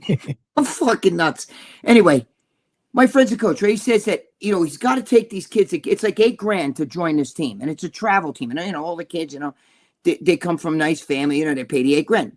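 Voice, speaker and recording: A middle-aged man, ranting loudly and profanely as a podcast co-host. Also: on the high side, lively intonation. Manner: loud, profane, fast-shifting rant.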